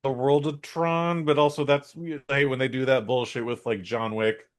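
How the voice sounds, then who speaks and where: A man's voice: mid-range voice, steady tone, normal speed. A man co-hosting a podcast, giving a blunt, rambling and opinionated movie review in a casual chat. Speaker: podcast co-host.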